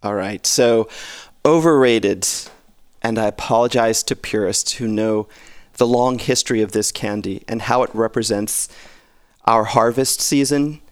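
A man's voice: fairly low pitch, unhurried, clean tone, dry recording. Wry joking man, dry sound. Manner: wry, joking, laughs often. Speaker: podcast guest commentator. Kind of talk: casual podcast chat.

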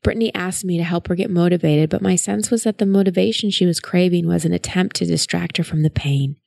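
A woman hosting a show and coaching a caller through grief in a soft, soothing, nurturing way. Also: lowish voice, fast, gravelly, dry recording. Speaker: host giving advice to a caller. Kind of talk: gentle coaching on a call.

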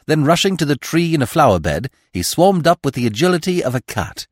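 A man narrating a classic mystery novel as a podcast reader, in a measured, expressive storytelling manner. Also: fairly high pitch, no room sound, clean studio sound. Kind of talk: audiobook reading of a classic mystery.

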